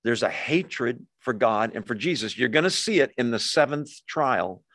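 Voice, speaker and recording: A man's voice: medium pitch, animated, moderate pace, fairly bright tone, no room sound. A man leading a Bible study, teaching verse by verse in a conversational way, with frequent asides and self-corrections.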